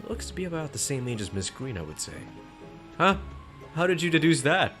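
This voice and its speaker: A man reads lines as a polite young lawyer in a video game playthrough, with a lively, bright voice. He sounds earnest and mild. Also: a little high, brisk, soft background music.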